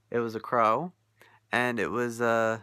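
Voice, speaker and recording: Young male vlogger, casual rant, exasperated, bright tone, dry close sound. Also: medium pitch, takes it slowly, clear, resonant tone, no room sound. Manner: incredulous, animated, laughing often. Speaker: vlogger reviewing a film.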